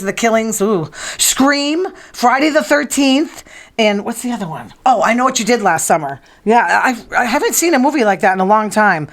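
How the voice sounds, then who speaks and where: A middle-aged woman hosting a casual news and gossip chat, opinionated and teasing the people in the room. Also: mid-range voice. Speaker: podcast host.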